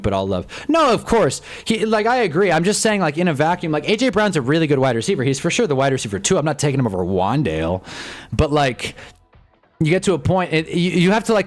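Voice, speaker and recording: A young man hosting a live stream, reacting to a football game in casual commentary, with swings from low muttering to loud frustrated outbursts. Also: lively intonation, fast talker, faint music behind. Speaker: live-stream sports fan host.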